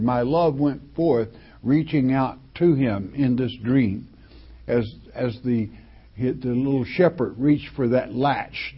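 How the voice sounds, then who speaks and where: A man preaching with a slightly husky voice at an unhurried pace. He reads verses aloud, then breaks them down with restarts and fillers. The recording sounds dull and lo-fi. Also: mid-range voice. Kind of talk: sermon reading and explaining scripture.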